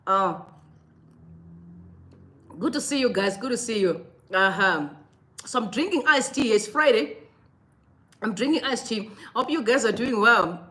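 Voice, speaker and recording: A woman's voice: on the high side, animated, unhurried, long pauses, a bit bright. A woman hosting a casual livestream, chatty and effusive, often breaking into laughter. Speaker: livestream host.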